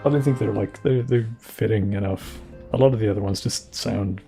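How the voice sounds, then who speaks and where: A man's voice: fairly low pitch, a little fast, gravelly. A young man casually commentating a game stream into a desk microphone, blunt and joking, swearing offhandedly and sometimes reading game lines aloud. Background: game music.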